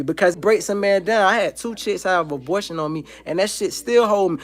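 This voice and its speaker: High-voiced man ranting on a livestream. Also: fast, few pauses. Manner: profane, emphatic, repetitive ranting. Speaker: livestream host. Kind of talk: heated livestream rant. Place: home.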